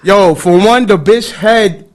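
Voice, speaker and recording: A young man telling a story in casual chat, animated, jumping between loud outbursts and hushed asides. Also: sits high, slow. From New York. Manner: animated, swings into loud shouting and hushed asides while acting out quotes. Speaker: podcast co-host.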